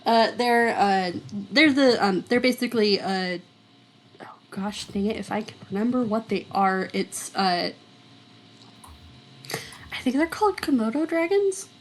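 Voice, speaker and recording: A woman with a Southern American accent narrating as game master, halting and full of fillers and restarts. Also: fairly high pitch, expressive, rough recording.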